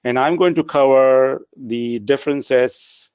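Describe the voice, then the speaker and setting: A man's voice: mid-range voice, takes it slowly, darkish tone, clean tone, dry recording. A man giving a webinar presentation in an earnest tone, with frequent filler sounds. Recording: dry, dull lo-fi webinar audio.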